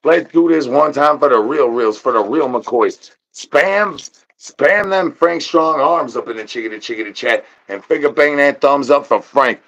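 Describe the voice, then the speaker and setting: A man's voice: mid-range voice, expressive, normal speed, vocal fry, few pauses, fairly bright tone, dull audio. A man streaming live, rambling in goofy slang with sing-song nonsense rhymes. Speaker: livestreamer. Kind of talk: rambling livestream chat.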